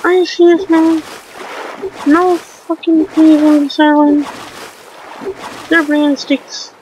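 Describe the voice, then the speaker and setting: A woman's voice: sits high, flat delivery, takes it slowly, a little mellow, a little hiss or hum, low-quality recording. A woman giving casual let's play commentary, reacting to the game with swearing and exclamations on a desk mic. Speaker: gamer. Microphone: desk mic on a stand.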